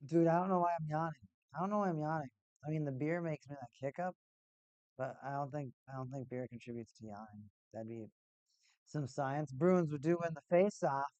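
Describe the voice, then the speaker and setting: A man with a slightly high voice talks casually through a hockey watch-party stream. He rambles and repeats himself in an easygoing way. The sound is dry and close, with no room echo, from a desk mic at home. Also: fairly quick, darkish tone, highs cut off. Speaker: live-stream host.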